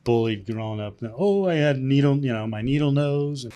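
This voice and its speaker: A man's voice: medium pitch, normal speed, heavy background noise. A man co-hosting a podcast, rambling through his points with many restarts. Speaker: podcast co-host. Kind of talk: casual chat.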